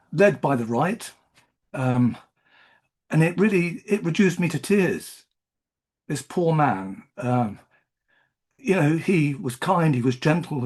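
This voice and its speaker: Husky man, halting speech. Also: mid-range voice, darkish tone. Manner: halting, hesitant with frequent ums. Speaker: book group member. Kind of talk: emotional group discussion.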